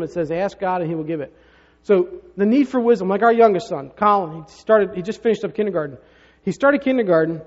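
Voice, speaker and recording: A man's voice: sits high, darkish tone. A man preaching a sermon, telling stories in a conversational way with rhetorical asides to the congregation. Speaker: pastor. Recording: reverberant hall, dull lo-fi sound.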